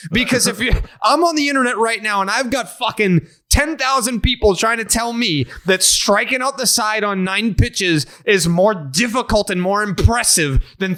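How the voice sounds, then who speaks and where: A man's voice: sits high, a bit bright. A man hosting a podcast, ranting profanely and with heat in casual chat. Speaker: podcast host.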